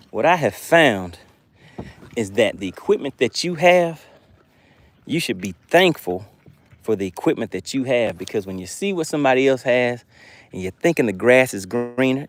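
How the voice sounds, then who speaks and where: A man at a middling pitch hosts a fishing live stream from his boat out on the water. He talks in a loose, chatty way, calling out viewers by name and thanking them as he goes. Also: sing-song, moderate pace, pauses often.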